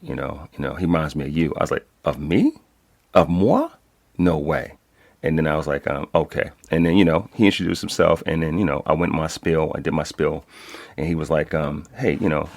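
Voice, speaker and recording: A man's voice: rumbling low, creaky, dry recording. A man from Brooklyn with a Brooklyn accent, hosting a casual podcast in a loose, slangy, hype style. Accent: Brooklyn New York. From Brooklyn, New York. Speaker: podcast host.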